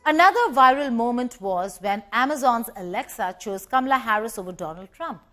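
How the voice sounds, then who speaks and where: A woman hosting a news feature, narrating with lively asides. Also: a little high, a little fast, soft background music. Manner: lively narration broken by laughter. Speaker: news host.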